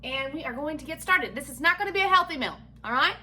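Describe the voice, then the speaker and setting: A woman's voice: high voice, animated, quick pace, sharp tone. A woman, a chatty, folksy mother talking through a casual home cooking vlog in her kitchen with self-deprecating humor. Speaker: home cook vlogger and mother.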